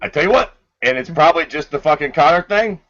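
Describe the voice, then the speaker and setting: A man's voice: on the high side, animated, fast, fairly bright tone, dull audio. A man co-hosting a podcast, giving blunt, profane opinions in casual sports banter. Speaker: podcast co-host.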